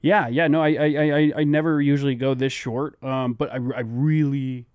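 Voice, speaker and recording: A man's voice: mid-range voice, fairly even intonation, normal speed, a little mellow, smooth, no room sound, clean studio sound, lightly acted. A man doing a stammering, overpolite customer. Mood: forced cheer. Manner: stammering forced enthusiasm. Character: overly polite young man with a terrible haircut.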